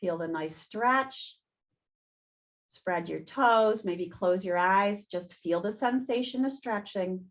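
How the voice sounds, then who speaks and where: Slow-paced woman guiding a yoga class. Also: mid-range voice. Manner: calm step-by-step cues, counting breaths. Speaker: yoga instructor. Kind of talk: guided yoga class instruction. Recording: echoey room.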